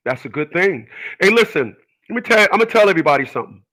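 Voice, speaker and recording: Bright-voiced man ranting on his show. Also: fairly high pitch, animated, quick pace, rough recording. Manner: emphatic, repeats himself, stammering restarts. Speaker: radio show host. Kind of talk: casual monologue.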